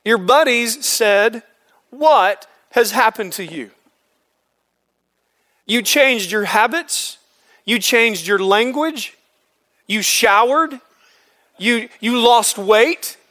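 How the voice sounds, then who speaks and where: A man's voice: very high voice, bright, forceful tone. A man leading a men's Bible study, explaining scripture earnestly and using homespun examples.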